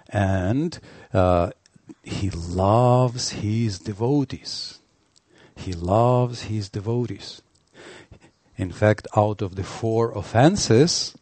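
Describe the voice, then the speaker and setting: A man giving a devotional lecture, halting and restarting, telling stories animatedly. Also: fairly low pitch, dry recording. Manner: halting, many fillers and restarts, animated storytelling. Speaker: spiritual teacher.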